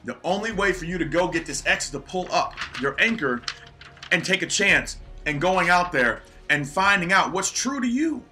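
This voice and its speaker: Male motivational speaker, earnest and preachy, ringing bright tone, light music bed. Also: sits high, animated, normal speed. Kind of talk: motivational talk.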